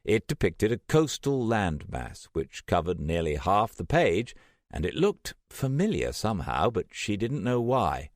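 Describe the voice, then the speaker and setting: A man narrating an audiobook in a measured storytelling manner. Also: lowish voice, sing-song, no room sound, clean studio sound.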